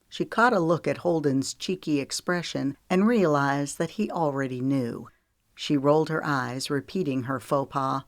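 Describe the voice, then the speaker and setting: A woman narrating a romance audiobook in a steady storytelling manner. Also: low voice, moderate pace, no echo, clean studio sound. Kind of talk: scripted narration.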